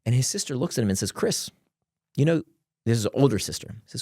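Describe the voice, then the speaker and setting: A man, a guest author, explaining his ideas in casual conversation, animated and laughing between points. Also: mid-range voice, quick pace, no room sound, studio quality.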